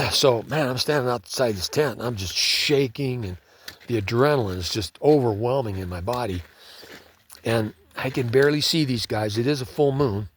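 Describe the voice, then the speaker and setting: A man's voice: mid-range voice, moderate pace. A man telling a story in a laid-back, conversational way, often saying "man". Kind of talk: casual spoken storytelling.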